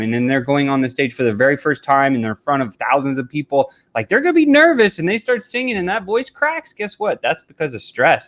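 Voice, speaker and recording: Energetic man coaching sales on camera. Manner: energetic, swooping pitch for emphasis. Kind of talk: direct-to-camera sales lesson.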